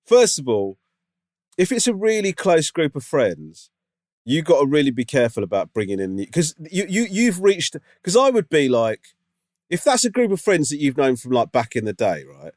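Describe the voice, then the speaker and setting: Male co-host, rambling storyteller with a lively delivery, dry close recording. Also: fairly high pitch, moderate pace, no echo. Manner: rambling storyteller, lots of fillers. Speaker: podcast co-host. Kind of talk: casual chat.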